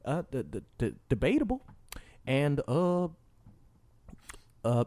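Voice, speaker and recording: A man doing a hesitant impression of an aging male politician, speaking with a soft, twangy drawl. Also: mid-range voice, wildly swooping pitch, slow. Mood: mock-solemn. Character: impression of an aging male ex-president, denying things.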